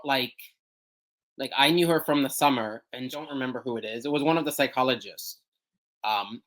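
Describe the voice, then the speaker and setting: A young man talks through an interview at an ordinary pitch, pausing often and circling back as he hunts for the right words. His delivery is casual and halting, full of fillers. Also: sharp tone, rough recording. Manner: hesitant, many ums and restarts, searching for words. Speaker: podcast guest.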